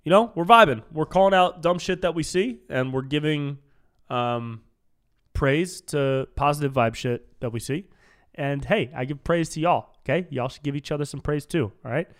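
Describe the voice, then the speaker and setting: A man's voice: fairly high pitch, moderate pace. A man hosting a casual solo podcast, rambling and swearing, calling the listeners dude. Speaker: podcast host.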